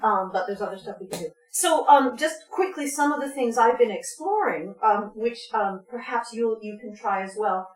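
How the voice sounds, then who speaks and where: A woman's voice: on the high side, lively intonation, moderate pace, few pauses. A woman leading a vocal workshop, talking informally with lots of ums and laughs, and breaking into short sung demonstrations. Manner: chatty, laughs often, many ums, demonstrates sounds. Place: community music space, roomy. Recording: echoey room.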